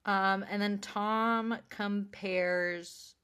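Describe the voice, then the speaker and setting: A woman co-hosting a podcast, chatting casually and recapping episodes with lively quoted voices. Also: medium pitch, drawn-out words, clean tone. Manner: animated, quotes characters in snappy voices. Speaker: podcast co-host.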